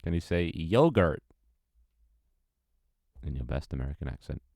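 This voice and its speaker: A young man from Britain with a British accent chats on a live stream, reading chat, joking, swearing and laughing a lot. His very deep voice is sing-song and creaky with a darkish tone, at normal speed. The recording is dry and studio quality.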